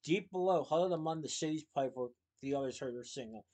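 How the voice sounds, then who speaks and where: A man reads a novel aloud in a steady storyteller's manner. His voice sits a little high for a man. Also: fast talker, low-quality recording.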